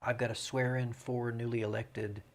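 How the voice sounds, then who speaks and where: A middle-aged man, a mayor and pastor speaking as a guest in a relaxed interview, explaining things in a measured way. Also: medium pitch. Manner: measured, explanatory, breaks into rhythmic vocal imitations.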